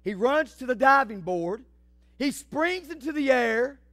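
A man preaching a fiery sermon, swinging from shouts to hushed asides. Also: extremely high pitch, animated, unhurried, dry recording, clean studio sound. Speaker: pastor.

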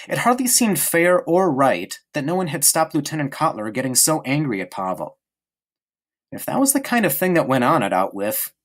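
A man narrating a novel chapter aloud with expressive, carefully paced emphasis. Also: fairly high pitch. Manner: expressive, varied reading with slowed emphasis. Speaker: audiobook reader. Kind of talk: storybook narration.

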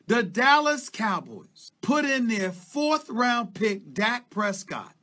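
High-pitched, piercing ranting sports commentator man. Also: very animated, slow, few pauses. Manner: loud, emphatic, repeats phrases for punch. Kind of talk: heated sports-TV rant.

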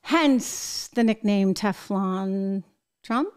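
An American woman hosting a political commentary show, talking in an emphatic, animated way with exasperated asides. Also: mid-range voice, extremely slow, clear, resonant tone. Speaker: show host.

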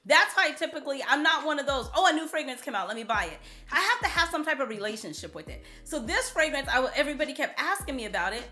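Woman doing a chatty perfume vlog, bright tone, animated and playful, faint music in the background. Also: high voice, quick pace, few pauses. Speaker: beauty vlogger reviewing perfumes. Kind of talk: casual chat to camera.

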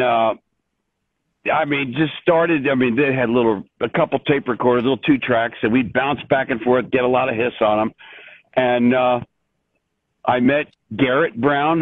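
An older man, a composer, telling stories in an interview with many restarts and an animated, rambling manner over a remote call. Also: mid-range voice, unhurried, dry recording. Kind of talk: storytelling in an interview. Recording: dry tinny phone-like line.

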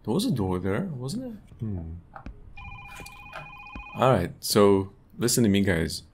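A gaming YouTuber, a man with a fairly low voice, plays a horror game for his channel in a let's-play with slow, wildly swooping delivery. He swears often and laughs nervously as he reacts, with background noise audible.

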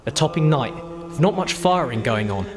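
An actor reading a letter from a young British officer in the trenches to his sister, in a brisk, upbeat manner. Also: fairly high pitch, expressive, lightly acted. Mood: cheerful. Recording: crowd sound behind the voice.

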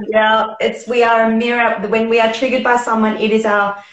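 A woman's voice: on the high side, little pitch movement, normal speed, a crowd in the background. Earnest woman in a roomy space. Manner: earnest, encouraging. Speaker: podcast host. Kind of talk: conversational interview. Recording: roomy echo.

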